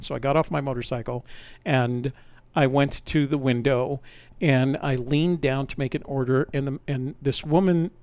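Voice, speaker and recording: A man's voice: mid-range voice, darkish tone, dry recording. An older man, a podcast host, telling a personal story in a rambling, conversational way, often correcting himself mid-sentence.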